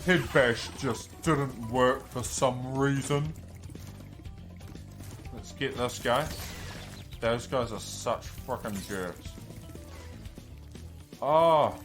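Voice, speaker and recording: Slow-talking swearing speedrunner man. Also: medium pitch, over music. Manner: frustrated, swears and shouts at enemies. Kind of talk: live gameplay commentary.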